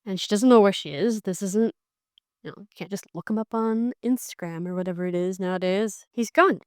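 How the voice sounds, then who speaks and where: A young woman chatting casually as she reviews a book, animated and wry, often restarting her sentences. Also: mid-range voice, brisk, smooth, dry recording, studio quality.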